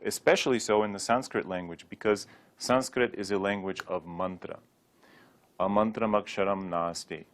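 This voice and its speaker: A man with a slightly low voice teaches pronunciation in a friendly lesson. He says words slowly and repeats them for the learner to copy. He keeps it light with playful rhetorical questions. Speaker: Sanskrit teacher.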